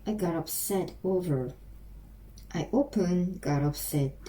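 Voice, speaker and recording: Slow halting woman with a Korean accent. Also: lowish voice, warm tone, poor audio. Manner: halting, repeats and restarts phrases while drilling. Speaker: language learner practicing English. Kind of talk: self-recorded English practice.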